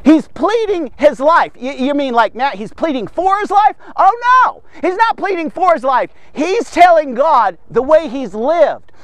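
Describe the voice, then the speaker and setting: A male host leads a daily devotional with lots of energy, asking his listeners question after question. His voice sits high and swings widely in pitch. The recording is dry and close, with no room sound. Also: unhurried, few pauses, no room sound. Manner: animated, conversational, rhetorical questions. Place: studio man cave set.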